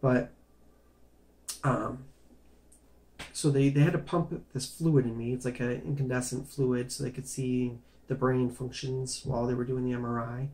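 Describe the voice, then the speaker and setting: In a mid-range voice at a moderate pace, a man casually recounts a personal medical story. He rambles conversationally with many restarts and fillers, turning animated and emphatic at the tense moments.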